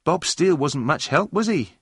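A man doing a hot-headed, shouting young man. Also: on the high side, lively intonation, normal speed, husky, no room sound, clean studio sound, voice pushed up. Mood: anxious. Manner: loud, indignant outbursts.

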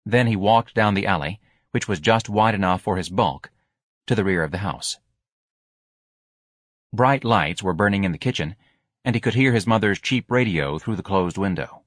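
A man narrating an audiobook in a wry, measured storytelling manner. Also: on the low side, dry recording.

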